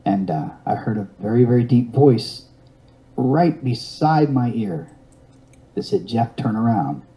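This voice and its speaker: A man in his fifties with a soft, mellow tone, spinning a long personal tale for an interviewer. He wanders through it with restarts and a wry, self-mocking humor, and his pitch sits in an ordinary middle range. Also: animated, measured pace, rough recording. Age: 50s. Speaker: guest telling a personal story. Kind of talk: storytelling in an interview.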